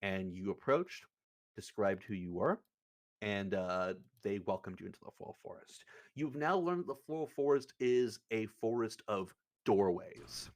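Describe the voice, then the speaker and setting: A man's voice: fairly low pitch, expressive, normal speed. A young man running a tabletop game, recapping the session in a casual, rambling, profane way. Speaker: game master. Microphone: streaming setup.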